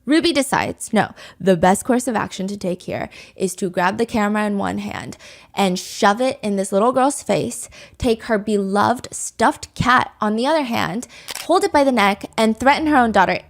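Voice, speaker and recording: A woman's voice: medium pitch, normal speed, gravelly. A woman hosting a podcast, telling a true crime story in a candid, conversational way. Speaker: podcast host.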